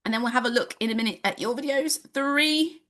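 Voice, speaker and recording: A woman's voice: on the high side, racing. A woman, teaching an online nature class for children over a video call in a bubbly, sing-song manner. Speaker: home education teacher.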